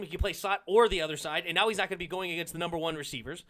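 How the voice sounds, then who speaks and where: A man hosting a casual sports talk show, animated and reacting to a rival's clip. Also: on the high side, rapid-fire. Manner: animated, swings from heated to sheepish. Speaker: sports talk channel host.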